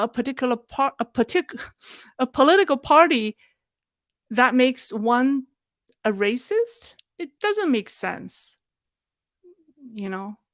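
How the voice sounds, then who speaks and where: A woman hosting a live show and answering viewer questions in a thoughtful, halting way. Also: on the high side, dry recording, studio quality. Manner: thoughtful, halting, with restarts and soft laughs.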